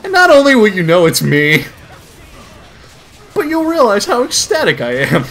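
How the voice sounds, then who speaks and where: Young male comedy host, sarcastic, animated delivery. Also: high-pitched, unhurried, gravelly, soft background music. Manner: sarcastic, laughs often, lively. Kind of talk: comedic reading commentary.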